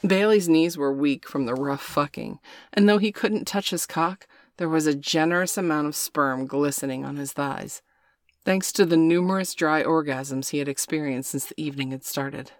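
A woman narrating a scripted erotic story in a steady, unhurried reading voice. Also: deep voice, no room sound, clean studio sound.

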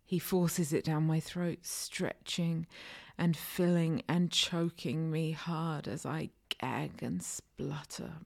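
A woman narrating an intimate first-person audio story, often breathy and half-whispered. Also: sits low, steady tone, takes it slowly, darkish tone.

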